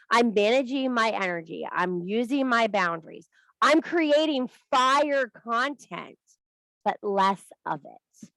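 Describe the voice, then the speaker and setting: A woman's voice: fairly high pitch, lively intonation, measured pace, a bit bright, no echo, low-quality recording. A middle-aged woman teaching a group, giving a blunt, profane tough-love talk and laughing at herself now and then. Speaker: spiritual course teacher.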